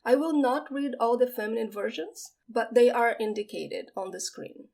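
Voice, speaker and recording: A woman with a Brazilian Portuguese accent, a native Portuguese speaker, teaching vocabulary and saying each word slowly and clearly before explaining it. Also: fairly high pitch, a little mellow. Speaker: language teacher. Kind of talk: vocabulary lesson with slow pronunciation drills.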